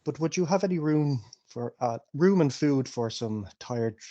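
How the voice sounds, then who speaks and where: A courteous old male hobbit, fussy and always hungry, speaks softly and politely, as a man voices him. He is a tabletop game figure with a gentle, mannered way of talking. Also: mid-range voice, lively intonation, normal speed, dull audio, close to an everyday voice.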